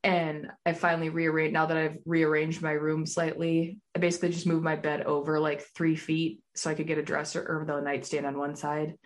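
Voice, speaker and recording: A young woman co-hosting a podcast in a slightly low voice. She talks casually and bluntly, cracking jokes and giggling as she goes. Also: flat delivery, a little fast, hardly any pauses. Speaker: podcast co-host. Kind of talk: casual chat.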